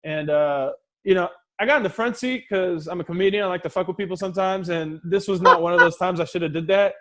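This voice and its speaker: A man's voice: high-pitched, fast, very noisy. A man in his thirties doing a stand-up set over a video call, telling casual, profane stories and acting out the voices of the people in them. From Los Angeles. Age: 30s. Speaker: stand-up comedian.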